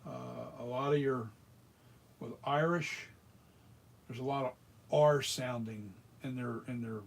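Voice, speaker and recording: A man from the United States demonstrates mask making in a workshop, giving a hands-on tutorial in casual chat that rambles with frequent restarts. His voice is mid-range and his pace measured.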